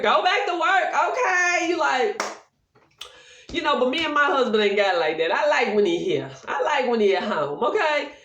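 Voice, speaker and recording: A middle-aged woman chatting to camera in a playful, animated way, often laughing and acting out the people she quotes. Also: sits high, moderate pace, recorded from a distance, slight background noise. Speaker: vlogger. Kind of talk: casual chat to camera. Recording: echoey room, voice a bit off mic.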